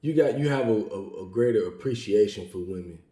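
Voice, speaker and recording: Laid-back host guy, aave, dark mellow voice, roomy echo, hypes up his points. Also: fairly low pitch, a little fast. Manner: laid-back, affirming, lively bursts of emphasis. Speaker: podcast host. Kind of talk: casual interview chat.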